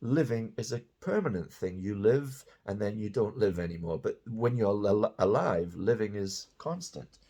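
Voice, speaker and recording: A man's voice: on the low side, lively intonation, moderate pace, hardly any pauses, mellow. A man teaching English grammar, patiently explaining example sentences and checking in with "okay?". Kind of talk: grammar lesson.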